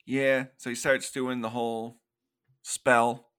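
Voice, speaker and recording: A man with a bright, forceful voice co-hosts a casual podcast. He walks through film scenes and breaks into quick acted-out quotes, laughing often as he goes. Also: medium pitch, flat delivery, clean tone. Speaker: podcast co-host. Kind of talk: casual movie recap chat.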